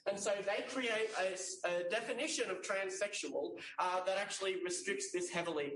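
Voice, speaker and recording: A man with a high voice gives an earnest slide talk, stumbling through fillers and restarts. He sits back from the microphone, and the room rings with echo. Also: a bit bright, a little hiss or hum. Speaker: lecturer. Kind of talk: informal slide presentation to an audience. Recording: echoey room, distant mic.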